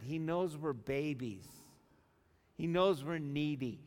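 A male pastor delivering a sermon, moving from soft, intimate appeals to loud, animated preaching. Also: a little high, slow. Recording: long reverb of a large hall.

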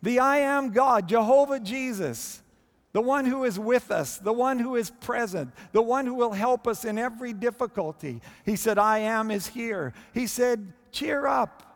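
Male preacher, high voice, dramatic pauses, long reverb of a big hall. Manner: expressive preaching with dramatic pauses and quoted dialogue. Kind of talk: sermon.

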